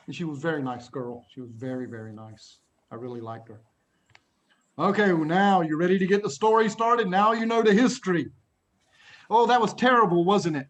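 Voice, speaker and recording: Man, middle-aged, English teacher, video call, fairly high voice, dramatic storyteller. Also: fairly quick. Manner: animated, dramatic storyteller, chuckles often. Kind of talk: storytelling lesson to children.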